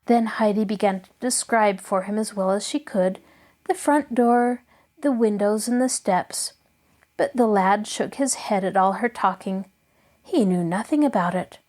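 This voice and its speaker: A woman host reading a classic children's novel aloud in an expressive storytelling voice. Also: medium pitch, a little slow.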